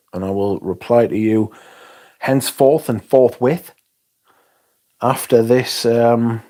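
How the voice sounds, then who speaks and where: A man from England with a medium-pitched, dark-toned voice hosts a fragrance-review livestream. Chatting casually, he reads out viewer comments with blunt, sweary, dry humour.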